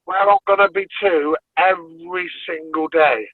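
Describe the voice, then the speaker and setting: A fairly high-voiced man tells a blunt, sweary story as a podcast guest. The sound is tinny and phone-like, with a dry, close feel and no room around it. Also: normal speed, dry recording. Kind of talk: casual storytelling.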